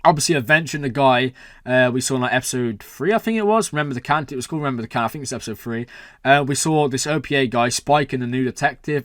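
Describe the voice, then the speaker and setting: A young man hosting a show reaction, rambling excitedly with lots of "like" and "man". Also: medium pitch, dry recording, clean studio sound. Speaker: reaction video host. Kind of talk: excited casual reaction talk.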